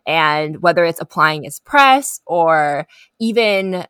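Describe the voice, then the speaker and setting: A woman's voice: low-pitched, animated, slow pace, fairly bright tone, clean tone, dry recording, clean studio sound. A woman co-hosting a casual podcast chat, earnest and rambling, often laughing between thoughts. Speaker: podcast co-host.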